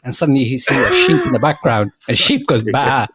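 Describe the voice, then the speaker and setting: A young man on a podcast, telling a rambling comic movie pitch full of swearing and acted-out lines. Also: huge pitch swings, brisk, heavy background noise. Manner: swearing, laughing, acting out quoted lines. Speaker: podcast co-host. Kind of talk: rambling comedic story pitch.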